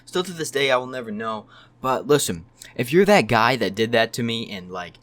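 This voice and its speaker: A man's voice: mid-range voice, normal speed, dry recording. A young man telling a casual storytime, rambling and swearing freely. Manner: profane, rambling and animated. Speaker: storytime YouTuber.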